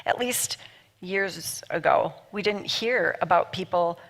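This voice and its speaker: A woman's voice: fairly low pitch, slow, a bit bright. A woman hosting a church talk show, encouraging and preacherly as she asks guests questions. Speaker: host.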